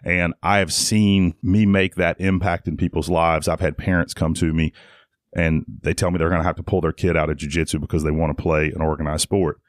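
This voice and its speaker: A man's voice: low voice, flat delivery, fairly quick, no echo, studio quality. A middle-aged man, a guest casually telling stories in a rambling way with lots of restarts. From Tennessee. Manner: rambling, frequent restarts and "like" fillers. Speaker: guest, jiu-jitsu academy owner. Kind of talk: casual conversational storytelling.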